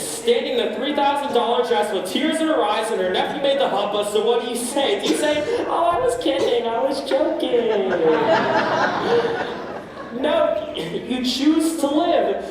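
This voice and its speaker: A woman's voice: fairly high pitch, expressive, normal speed, a crowd in the background, natural voice. A woman playing a lonely middle-aged male theater fan who confides in the audience, in an amateur stage musical, recorded from far off in a roomy hall. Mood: confiding. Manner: confiding, wistful, talks straight to the audience.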